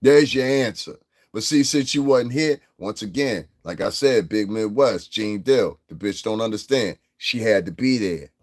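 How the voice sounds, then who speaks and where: A man rants on a livestream, brash and combative, swearing freely. His voice sits fairly low. He jabs at viewers in the chat. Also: animated, measured pace, a little mellow. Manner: brash, profane and combative, with laughs. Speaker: livestream host. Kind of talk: heated livestream rant.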